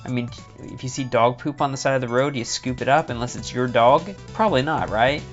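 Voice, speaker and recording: A man's voice: mid-range voice, fairly quick. A man casually chatting and joking while streaming a game, rambling into comic rants. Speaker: streamer playing a visual novel. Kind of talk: casual live-stream banter. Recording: slightly dull lo-fi stream audio with faint music.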